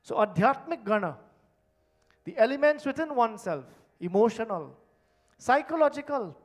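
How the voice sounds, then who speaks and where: High-voiced preacher. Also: male voice, expressive, moderate pace. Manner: emphatic, swinging between loud stresses and hushed low endings. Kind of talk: sermon. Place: temple hall.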